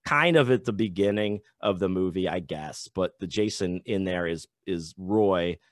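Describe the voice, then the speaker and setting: A man talking as a guest author in a casual podcast chat, loose and animated, swearing and saying "like" a lot. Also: sits low, moderate pace, dry recording, studio quality.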